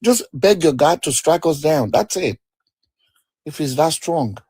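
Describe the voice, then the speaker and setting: Husky, mellow man ranting indignantly. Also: on the high side, animated, unhurried, dry recording. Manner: indignant, repetitive, rambling. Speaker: panelist on a live debate stream. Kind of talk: heated debate on a live stream.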